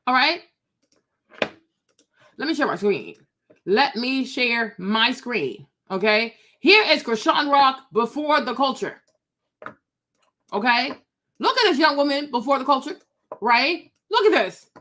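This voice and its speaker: A woman's voice: high voice, lively intonation, slow, long pauses, bright, forceful tone, a little hiss or hum. A woman hosting a livestream from outdoors, giving emphatic, opinionated commentary full of repeated rhetorical questions. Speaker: livestream host.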